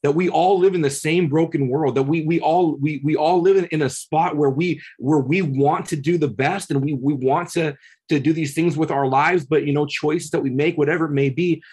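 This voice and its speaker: A podcast guest, male, tells a personal story with earnest feeling, often repeating words as he builds to passionate peaks. His voice is fairly high and steady, somewhat dark and slightly rough, at a normal speed. The talk is casual conversation and storytelling.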